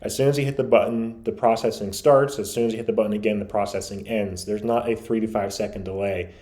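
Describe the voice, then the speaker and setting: A man's voice: lowish voice, fairly even intonation, fast talker, dark tone. Analytical man explaining radio audio. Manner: analytical, emphatic. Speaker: radio reviewer. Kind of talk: explanatory commentary.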